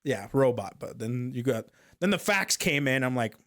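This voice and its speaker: A woman's voice: rumbling low, expressive, moderate pace, fairly bright tone. A woman hosting a casual talk show, upbeat and often repeating words. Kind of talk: casual chat.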